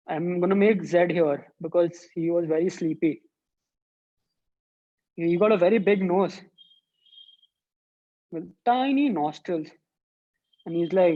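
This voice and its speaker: A woman's voice: on the low side, slow, pauses often, narrow, tinny audio. Chatty woman teaching drawing. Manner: chatty, thinks aloud while drawing. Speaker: art teacher. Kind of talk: online drawing workshop for children.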